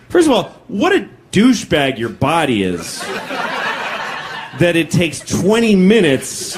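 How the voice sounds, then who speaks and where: A man's voice: on the high side, wildly swooping pitch, measured pace, slight background noise. A man in his forties performing a stand-up comedy set, blunt, crude and self-deprecating, telling stories to a live audience. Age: 40s. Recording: live stage recording with crowd laughter.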